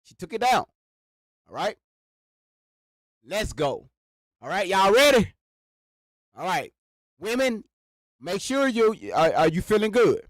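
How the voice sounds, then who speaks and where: Animated high-voiced man ranting live. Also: takes it slowly, pauses often, dry recording. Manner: animated, repetitive, addresses viewers directly. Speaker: livestream host. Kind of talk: live reaction rant to chat. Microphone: sits behind a microphone.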